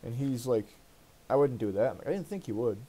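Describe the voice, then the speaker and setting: A man with a dark, mellow voice at an ordinary middle pitch chats into his gaming mic. He retells a personal grievance in a loose, rambling way, swearing freely and sounding put out. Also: animated, a little fast. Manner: rambling, profane, aggrieved retelling. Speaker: let's play host. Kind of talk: casual storytelling while gaming.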